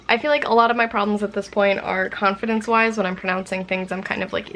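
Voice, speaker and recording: A woman's voice: mid-range voice, fairly even intonation, quick pace, hardly any pauses, a bit bright, slight background noise. A young woman talking about her language studies in a casual, candid and self-reflective vlog chat. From United States. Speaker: language-learning vlogger.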